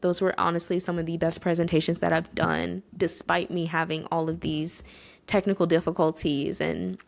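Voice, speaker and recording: Low-voiced young woman telling a personal story. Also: little pitch movement, moderate pace, creaky. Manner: candid and conversational with many "like"s. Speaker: vlogger.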